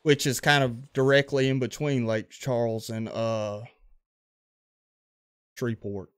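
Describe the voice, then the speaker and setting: In clean studio sound with no room sound, a man speaks at a measured pace in a medium-pitched voice with a clear, resonant tone. He's a gaming livestreamer from western Louisiana with a Louisiana accent, relaxed and chatty as he plays a baseball video game, reacting to plays and greeting viewers.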